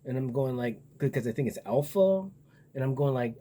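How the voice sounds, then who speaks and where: A man's voice: mid-range voice, animated, moderate pace, mellow. A man talking in a casual, rambling monologue, blunt and profane as he muses aloud. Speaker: vlogger.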